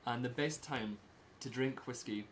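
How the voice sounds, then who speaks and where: A man's voice: mid-range voice, slight background noise. Laughing Scottish man giving a talk. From Scotland. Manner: simple slow wording, laughs often. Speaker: presenter giving a talk about Scotland. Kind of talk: casual presentation to a small group.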